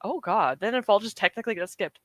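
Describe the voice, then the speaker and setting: A woman's voice: mid-range voice, lively intonation, fast, no echo. A young woman from the UK chatting casually with her stream chat, rambling, laughing often and correcting herself. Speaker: streamer reading chat comments.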